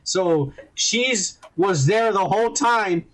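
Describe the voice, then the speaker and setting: High-voiced man recapping with profanity. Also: takes it slowly. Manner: profane, rambling, animated retelling with quoted voices. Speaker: podcast host reviewing a TV episode. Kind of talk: casual podcast recap.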